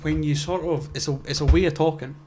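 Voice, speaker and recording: A man's voice: a little high, steady tone, quick pace, mellow, slight background noise. Rambling man, casual podcast chat. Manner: rambling, casual swearing, lots of fillers. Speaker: podcast co-host.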